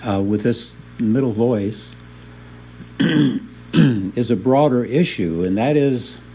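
A man lecturing a Bible class at a relaxed classroom pace, his voice mellow and warm, with a steady middle pitch. He laughs lightly as he works through his points. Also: slow, slight background noise, low-quality recording. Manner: chuckles often while explaining.

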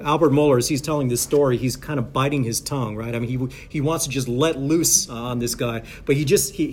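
A man preaching a sermon in a conversational, halting way with many fillers and restarts, building to emphatic preaching. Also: mid-range voice, a little hiss or hum. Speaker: pastor or Bible teacher.

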